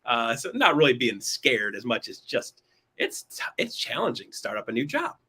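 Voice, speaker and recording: A man's voice: medium pitch, sing-song, moderate pace, bright, forceful tone, slightly rough. A man hosting a weekly online show, chatting in an upbeat, casual way with fillers and restarts. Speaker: host. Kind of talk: casual livestream talk show.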